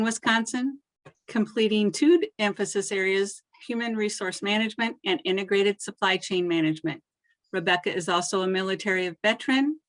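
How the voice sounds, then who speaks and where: A woman presenting graduates at a ceremony, reading each name in a measured way that lifts on the name and drops at the end. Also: mid-range voice, fairly bright tone.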